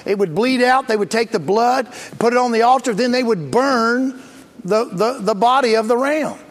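High-voiced man preaching in a reverberant hall. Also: normal speed. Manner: preachy call-and-response, emphatic and plain-spoken. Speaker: pastor. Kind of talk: sermon. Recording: long reverb of a large hall.

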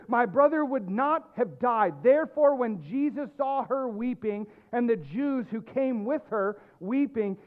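A male pastor preaching a sermon, emphatic, dropping low and quiet and then rising with loud stress. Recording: tinny phone-like lo-fi sound.

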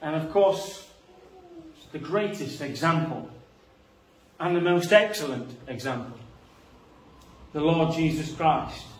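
Earnest man preaching in an echoey room. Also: fairly high pitch. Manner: earnest, shifts between quiet reflection and rising emphasis. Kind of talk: sermon. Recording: echoey room, voice a bit far from the mic.

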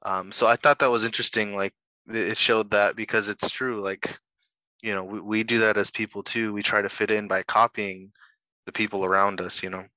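A man's voice: fairly low pitch, level tone, fairly quick, pushed and bright, no echo, rough recording. A man chatting casually, hesitant, with lots of fillers. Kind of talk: casual conversation.

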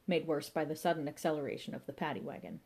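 Woman, audiobook narrator, lively comic reading, low pitch, mellow tone. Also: quick pace, gravelly, slightly rough. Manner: lively, playful, voices sound effects.

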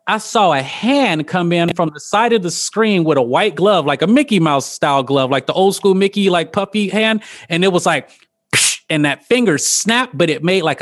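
A woman in her thirties, a podcast guest telling stories in casual chat, animated and profane, laughing often. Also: lowish voice. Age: 30s.

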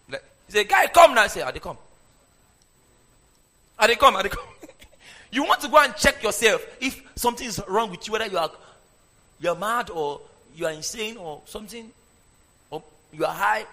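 A man preaching a sermon and having the congregation repeat his lines back to him. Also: high voice. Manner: animated preaching, leads the congregation in call-and-response. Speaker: pastor. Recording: echoey hall with long reverb.

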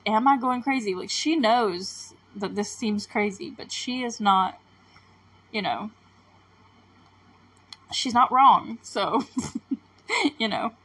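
A woman hosts a casual TV recap, chatting loosely through the story. Her talk rambles and is full of filler words, at a pitch in the middle range. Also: a bit bright, low-quality recording. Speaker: TV recap podcast host.

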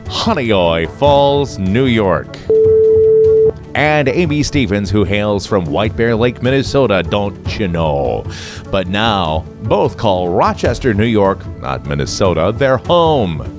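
Playful guy doing the podcast announcer bit, low voice, bouncy delivery. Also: sing-song, a little slow, over loud music. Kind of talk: scripted announcer voice-over.

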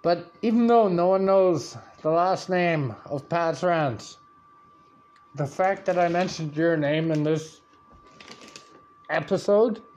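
A young man hosting a podcast, telling a story in a profane, animated rant. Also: a little high. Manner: swears constantly, animated and rant-like. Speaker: podcast host.

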